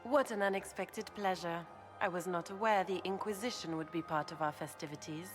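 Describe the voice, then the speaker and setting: An actress playing a courteous noble duchess who speaks in a polished way. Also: female voice, fairly low pitch, a little fast, faint music behind, lightly acted.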